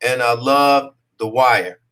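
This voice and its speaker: A man's voice: medium pitch, takes it slowly, a bit bright. A man, an actor, chatting as an interview guest in a laid-back way, often checking in with his listener. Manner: laid-back, peppers talk with "you know what I'm saying". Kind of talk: casual conversational interview.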